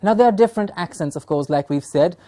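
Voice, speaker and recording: A middle-aged woman teaches a pronunciation class. Her voice sits a little low, and she explains step by step, often pausing to check with her listeners. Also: expressive, mellow. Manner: explanatory, asks rhetorical questions and checks with "yes?". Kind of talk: classroom lecture.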